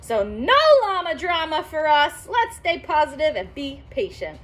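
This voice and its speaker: High, lively woman reading a storybook. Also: a little slow. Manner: sing-song, expressive, teacherly. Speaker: storybook reader for children. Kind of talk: children's read-aloud with explanations.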